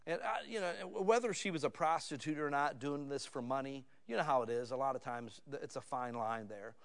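A man's voice: medium pitch, brisk. Fifty-something male preacher telling stories. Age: 50s. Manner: storytelling, swings from hushed to loud and excited; conversational, addresses listeners as "guys". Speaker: pastor. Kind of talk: sermon.

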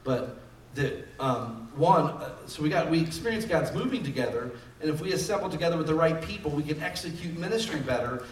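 A man's voice: fairly high pitch, lively intonation, fairly quick, recorded from a distance, a little hiss or hum. A man preaching a sermon in a conversational style, building up emphasis on key phrases. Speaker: pastor. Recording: echoey room, voice from off mic.

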